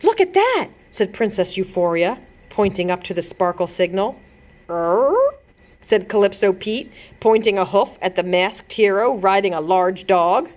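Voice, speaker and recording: A woman children's librarian reading a chapter book aloud in an expressive storytelling manner. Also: medium pitch, normal speed, few pauses.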